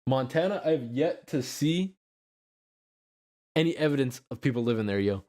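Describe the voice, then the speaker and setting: A man's voice: medium pitch, lively intonation, darkish tone. A young man from California with a Californian accent, chatting casually with friends, rambling and swearing. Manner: rambling, swearing, drawn-out phrases. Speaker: friend in group chat. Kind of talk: casual chat.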